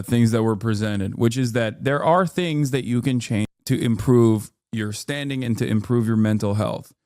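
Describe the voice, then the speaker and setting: A man's voice: medium pitch, a little mellow, no room sound, clean studio sound. A man reacting to a video on a live stream, talking emphatically, swearing and pushing his voice up when riled.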